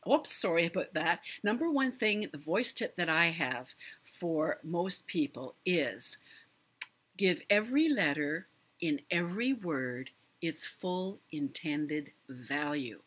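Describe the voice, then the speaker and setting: A middle-aged woman hosting a live stream, giving voice tips in a measured way with many pauses and fillers. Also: low-pitched, lively intonation, a bit bright, slightly rough. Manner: measured, hesitant with fillers, demonstrates voice techniques. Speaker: host.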